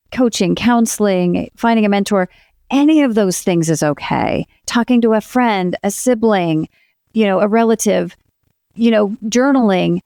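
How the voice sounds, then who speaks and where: A woman's voice: medium pitch, creaky, darkish tone, no room sound, studio quality. A woman coach co-hosting a podcast, speaking earnestly and encouragingly. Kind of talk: casual podcast conversation.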